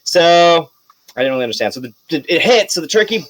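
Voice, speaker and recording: A man's voice: fairly high pitch, expressive, fairly quick, fairly bright tone, rough recording. A man narrating as game master in a live tabletop game, casual and hesitant, with lots of fillers and restarts.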